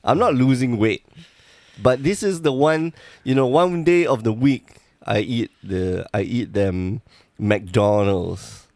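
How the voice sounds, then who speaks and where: A man's voice: medium pitch, slow, darkish tone, no echo. A man hosting a casual podcast, joking and rambling, with a slight lisp from a sore tongue. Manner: joking, rambling, self-deprecating. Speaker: podcast host.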